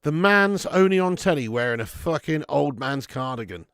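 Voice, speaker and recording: A man's voice: fairly high pitch, lively intonation, moderate pace, fairly bright tone, dry recording, clean studio sound. A man hosting a live football watch-along, reading the chat and chatting with viewers in a casual, sweary way, calling everyone mate and laughing often.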